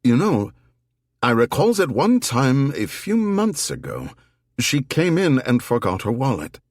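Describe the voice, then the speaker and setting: A man's voice: mid-range voice, wildly swooping pitch, measured pace, dry recording, clean studio sound, pitched above the performer's own voice. A man voicing a polite, sympathetic German shopkeeper in an audiobook, hesitant and apologetic.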